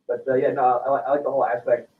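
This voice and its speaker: A man's voice: medium pitch, level tone, distant mic. A podcast host chatting loosely and swearing as he wraps up the show. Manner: fast, loose, swears a lot. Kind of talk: casual chat. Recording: tinny sound from off-mic.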